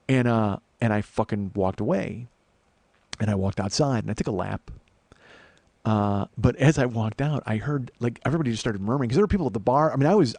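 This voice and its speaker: A man's voice: medium pitch, vocal fry, a little mellow, dry recording. A man in his forties telling a story in a casual podcast monologue, swearing often and acting out what everyone said. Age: 40s. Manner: profane, heated retelling with acted-out quotes. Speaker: podcast host.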